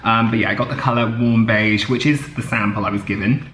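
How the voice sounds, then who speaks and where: A man's voice: lowish voice, steady tone, a little fast, a bit bright, roomy sound. A man in casual vlog chat, upbeat and chatty with lots of ums and laughs, at times out of breath while walking. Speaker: vlogger. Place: outdoors on a street, then indoors. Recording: noisy outdoor background with traffic.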